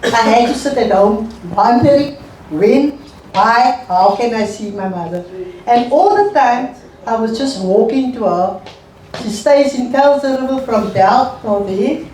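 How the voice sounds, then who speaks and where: A middle-aged woman, an interview guest telling her life story in a halting, emotional way and repeating phrases. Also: fairly high pitch, lively intonation, darkish tone. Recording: echoey room, voice far from mic, faint noise.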